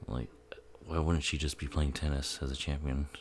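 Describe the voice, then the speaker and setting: Very deep, gravelly man mocking a film. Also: level tone, moderate pace. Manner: profane, sarcastic, laughs often. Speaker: film commentator. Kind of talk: casual movie commentary.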